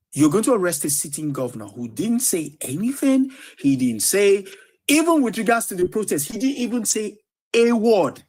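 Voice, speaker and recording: A man on a live news panel, making a pointed argument with rhetorical questions. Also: sits high. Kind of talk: live podcast panel discussion.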